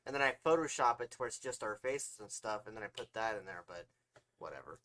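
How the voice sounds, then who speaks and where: A man's voice: fairly low pitch, lively intonation, fast, pushed and bright. A man co-hosting a casual livestream podcast as an author, rambling and swearing freely between laughs.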